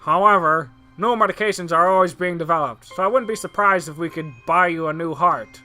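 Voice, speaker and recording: A man's voice: a little high, brisk, bright, forceful tone, faint music behind. A man reading a pompous male doctor from a visual novel in a hammy, mock-formal voice. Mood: mock-serious. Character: pompous male doctor who blurts nonsense.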